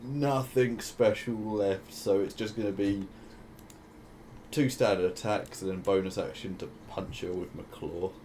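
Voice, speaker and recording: A man talking as a player in a tabletop game, blunt and animated as he describes his attack. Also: on the low side, unhurried, slight background noise. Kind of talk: casual tabletop game chat.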